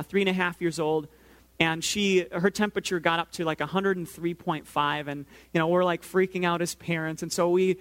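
A man's voice: on the high side, fairly bright tone. A man in his thirties preaching a sermon as a pastor, conversational and storytelling, addressing the congregation directly.

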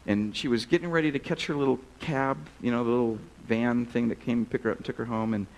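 A man's voice: mid-range voice, fast talker, rough recording. A male pastor giving a casual, storytelling sermon in a crowded church service. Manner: casual, animated, many "like"s.

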